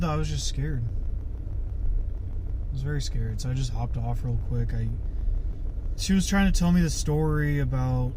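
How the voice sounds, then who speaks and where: A man venting in a casual monologue, rambling and halting with lots of fillers and frequent swearing. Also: mid-range voice, warm tone, a little hiss or hum.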